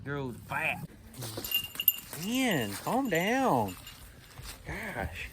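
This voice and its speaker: Guy doing farm chores, voice a bit high, hollering at goats, some animal noise around. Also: wildly swooping pitch, extremely slow. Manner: calls loudly to animals, chatty and laughing. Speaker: farm vlogger. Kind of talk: casual farm vlog narration. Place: outdoors on a farm.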